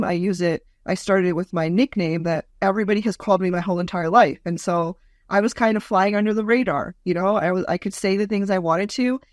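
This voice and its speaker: A woman's voice: medium pitch, no room sound. A woman comedian speaking frankly and expressively on a talk show, her voice in the middle of the usual range. She rambles through stories, acting out what people said. The sound is close and dry, with little room around it. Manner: blunt, animated storytelling with lots of "like". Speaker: stand-up comedian and guest. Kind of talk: casual talk-show chat.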